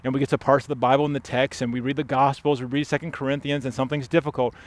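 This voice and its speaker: A man preaching a sermon as pastor, emphatic and urgent, dropping to hushed stress on key words. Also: medium pitch, level tone, very fast. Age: adult father.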